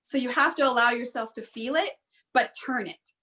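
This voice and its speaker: A woman who is an author and speaker appears as a podcast guest, giving motivational interview talk earnestly and emphatically and telling a story with repetition. Her voice is a little high and sharp in tone, at a moderate pace.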